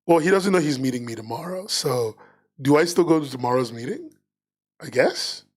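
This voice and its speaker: A man's voice: on the high side, animated, normal speed, husky. A man co-hosting a livestreamed podcast in casual chat, rambling with lots of fillers and restarts. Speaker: podcast co-host.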